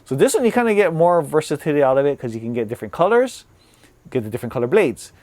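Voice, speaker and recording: A man's voice: fairly high pitch, big pitch swings, racing, darkish tone, dry recording. A man casually chatting to his viewers as a vlogger, rambling and restarting his sentences. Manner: rambling, repeats and restarts words, says "like" often. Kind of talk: casual product review chat.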